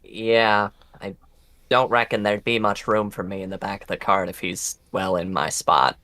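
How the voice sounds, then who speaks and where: A man's voice: fairly low pitch, fairly even intonation, normal speed, pushed and bright, no echo. A man playing a tabletop game in a laid-back, joking way. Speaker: player. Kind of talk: casual tabletop play.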